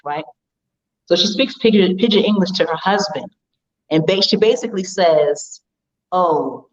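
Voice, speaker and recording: A woman telling a story as an interview guest, lively and emphatic, often tossing in rhetorical questions. Her voice sits a little low for a woman. The recording sounds dull and lo-fi. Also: a little hiss or hum. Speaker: public relations professional, interview guest.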